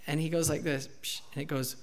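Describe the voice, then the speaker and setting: A man in his thirties, a pastor preaching a sermon and telling a candid personal story, with bursts of loud acted shouting. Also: a little high, little pitch movement, fairly quick. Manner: candid storytelling, acts out his own outbursts loudly.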